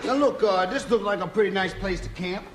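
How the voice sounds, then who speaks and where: An actor playing a vain, bossy masked cowboy hero in a televised comedy sketch, scolding and defensive. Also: male voice, sits high, brisk, a loud crowd, very noisy, natural voice. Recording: studio audience laughter, roomy.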